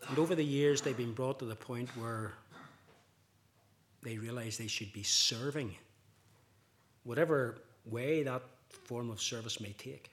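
A man preaching a sermon, impassioned, building louder and higher on key points and acting out quoted speech. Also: unhurried, pauses often. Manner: acts out quoted speech vividly.

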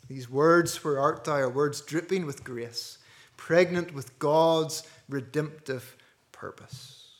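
A man preaching a sermon earnestly, dropping to a hush and rising to loud stresses. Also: on the high side, slow pace. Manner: earnest, with wide swings between hushed and loud.

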